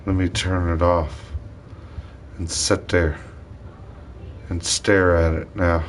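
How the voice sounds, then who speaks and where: Slow, rambling man. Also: low-pitched, flat delivery, a little hiss or hum. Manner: rambling, swears often, drifts between thoughts. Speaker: vlogger. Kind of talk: rambling solo monologue.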